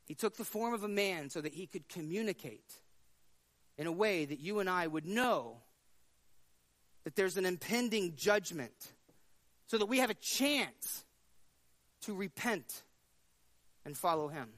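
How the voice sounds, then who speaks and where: A man's voice: sits high, expressive, a little slow, long pauses, a bit bright. A man preaching a sermon in a conversational way, often repeating words as he talks and acting out the voices in his story.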